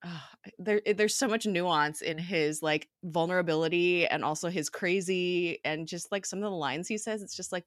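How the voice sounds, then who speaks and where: A young woman with a low voice talks through a TV episode in loose, chatty fashion, trailing into fillers and giggly asides. Her voice sits close and dry, with no room sound around it. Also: normal speed, no echo. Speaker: TV episode recapper. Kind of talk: casual episode recap chat.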